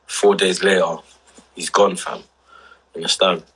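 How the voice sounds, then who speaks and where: Young man, low and husky, drunk and emotional, rambling livestream chat in street slang. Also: little pitch movement, a little slow, a bit bright, low-quality recording. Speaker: livestream host.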